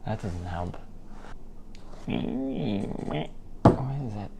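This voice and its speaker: A woman co-hosting a guessing-game challenge video, bantering casually and breaking into laughs and shouts. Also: a bass voice, extremely slow, creaky, heavy background noise. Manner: excitable, bursts into laughter and shouts. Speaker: YouTube challenge co-host.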